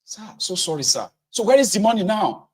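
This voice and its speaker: Man doing a high polite street reporter. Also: big pitch swings, fairly quick, darkish tone, husky, exaggerated voice. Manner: deferential, repeating "sir". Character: polite male street interviewer.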